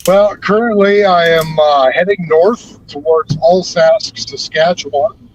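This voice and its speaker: A man co-hosting a podcast, talking in a laid-back way over a call while driving on a highway. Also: unhurried. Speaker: podcast co-host. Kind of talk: casual chat while driving. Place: in a moving vehicle on a highway. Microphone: phone or internet call from a car. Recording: dull lo-fi call with road noise.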